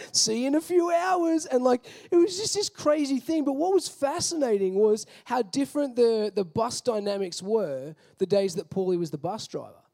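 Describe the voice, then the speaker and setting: High-voiced Australian male pastor. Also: dark tone. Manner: casual, storytelling, many fillers. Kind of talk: sermon with personal stories.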